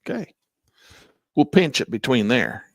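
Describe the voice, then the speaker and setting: A trading instructor talks viewers through a live lesson in a casual way, thinking aloud as he clicks through charts and chats with them. His mid-range voice is unhurried, creaky and a touch bright, with big pitch swings. The studio-quality recording has no echo.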